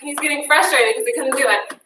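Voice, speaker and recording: A woman's voice: sits high, fairly quick, background noise. A woman, coaching a live workout class, upbeat and chatty, counting down reps while out of breath. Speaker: fitness instructor. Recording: echoey room from a distance.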